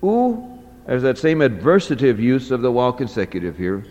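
A man teaching a class, reading a text aloud and explaining it slowly, with many fillers and restarts. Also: medium pitch, big pitch swings, a little mellow. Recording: dull audio with long hall reverb.

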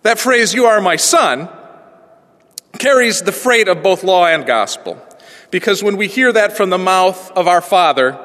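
A man's voice: sits high, expressive, normal speed. Man preaching in an echoing hall. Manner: wide swings from hushed to ringing proclamation. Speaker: pastor. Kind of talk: sermon with personal storytelling. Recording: long reverb of a large hall.

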